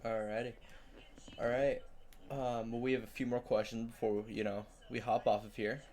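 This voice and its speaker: A man's voice: mid-range voice, level tone, moderate pace, a little mellow. A man hosting a casual interview and walking viewers through his online store, talking loosely and swearing lightly. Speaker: host. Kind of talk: casual interview and screen walkthrough.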